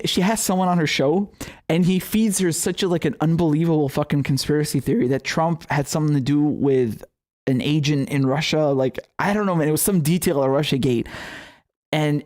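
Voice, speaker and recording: A man's voice: fairly high pitch, a little fast, a little mellow. A young man hosting his own political commentary show, talking casually, sarcastic, swearing freely and laughing often.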